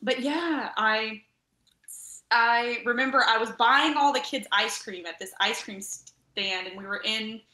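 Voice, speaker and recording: A woman, a camp travel director and nurse, telling lively stories in a podcast interview and acting out voices. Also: on the high side, measured pace, reverberant. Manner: animated storyteller, acts out voices.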